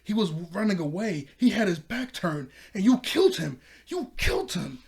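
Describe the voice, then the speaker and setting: A man's voice: sits high, very animated, normal speed, pitched above the performer's own voice. A man voicing an angry young male villain, raising his voice as he accuses a hero. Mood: furious. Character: furious young male villain, grieving friend.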